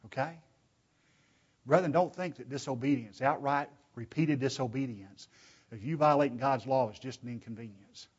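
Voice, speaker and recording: This preacher, medium-pitched with a breathy edge and a normal pace, delivers an emphatic church sermon. He asks rhetorical questions, addresses the congregation as brethren, and swings between loud urging and hushed pleading. The audio is dull and lo-fi.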